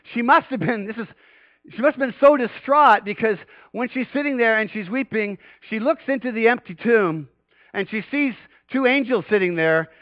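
A man preaching a sermon to a congregation in an animated way, often rising louder and higher in pitch to stress a point. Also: dry recording, muffled recording. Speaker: pastor.

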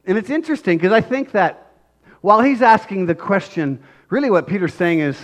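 A male pastor giving a conversational, animated sermon, often checking in with tag questions and acting out scenes. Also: high voice, normal speed.

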